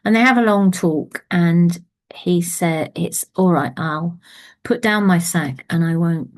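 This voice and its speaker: A woman storyteller telling a folk tale aloud, speaking intimately and often dropping to a whisper. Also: on the low side. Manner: slow and intimate, dipping to whispers. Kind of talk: oral storytelling.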